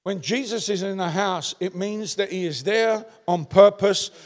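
High-voiced Cockney preacher in a reverberant hall. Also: male voice, a little slow. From London, England. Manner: animated storytelling with crowd call-outs. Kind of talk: sermon.

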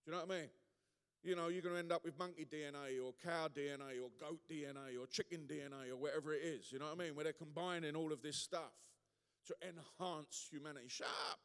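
A man preaching a sermon to a congregation, emphatic and conversational, building to loud punchy peaks and throwing asides to the room. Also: on the high side, fairly even intonation, quick pace, clear, resonant tone. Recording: long reverb of a large hall.

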